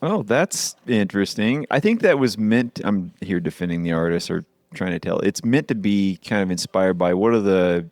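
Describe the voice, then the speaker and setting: Halting low-voiced man on a podcast. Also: expressive, darkish tone, no echo, studio quality. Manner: halting, searches for words. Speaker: podcast guest, brewer. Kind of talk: casual podcast chat.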